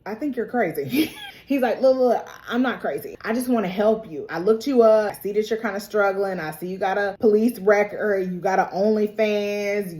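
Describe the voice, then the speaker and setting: A woman giving a casual episode recap, chatty and laughing often, acting out the characters' lines with big jumps in her voice. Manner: animated, acts out quoted lines with big pitch jumps. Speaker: TV recap vlogger.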